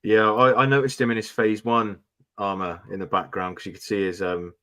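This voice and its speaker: Casting note: man, lower voice, opinionated, rambling co-host. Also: flat delivery, a little fast, bright, forceful tone. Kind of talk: casual chat.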